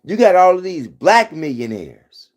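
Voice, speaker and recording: Slow, animated man ranting. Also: high-pitched. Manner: emphatic, preachy, repeats punchlines. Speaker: vlogger. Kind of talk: opinionated commentary vlog. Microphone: phone.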